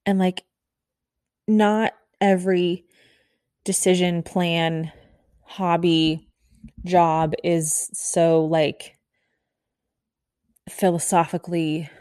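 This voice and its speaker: Woman in her 30s rambling on her podcast, quick and chatty, lowish voice, dry close sound. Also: little pitch movement, darkish tone, clear, resonant tone, dry recording. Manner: fast, bubbly, rambling with frequent "like" fillers and laughs. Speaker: podcast host. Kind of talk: casual solo podcast chat.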